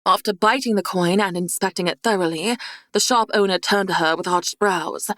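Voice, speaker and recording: Clean, echo-free studio audio carries a woman's mid-range voice as she narrates a scripted fantasy story. Her delivery is calm, even and measured.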